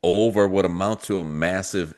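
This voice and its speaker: Man, podcast co-host, fairly low voice, casual, chiming in. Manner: relaxed, chiming in, quick asides. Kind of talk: casual chat.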